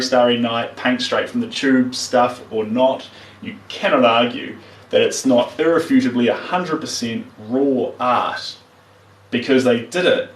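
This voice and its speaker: A man's voice: mid-range voice, distant mic. A man with a New Zealand accent chatting casually to live viewers while he paints, trailing off as he works. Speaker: artist streaming live. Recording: roomy, mic set back from speaker.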